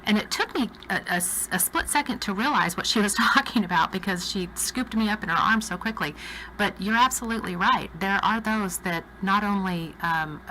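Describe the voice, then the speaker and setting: A woman's voice: mid-range voice, moderate pace, sharp tone, a little hiss or hum, low-quality recording. A woman with a Texas accent, a guest on a radio talk show, telling a travel story in a chatty way. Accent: Texan.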